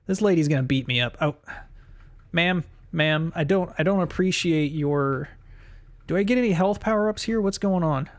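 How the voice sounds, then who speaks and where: A man's voice: a little high, normal speed. A man streaming a retro game, rambling through bemused reactions and questions to himself. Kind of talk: live let's-play commentary.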